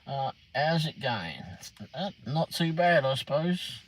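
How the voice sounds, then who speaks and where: A man's voice: a little high, lively intonation, slow, slight background noise, poor audio. A man live-streaming late at night, chatting casually, greeting viewers by name and answering the chat.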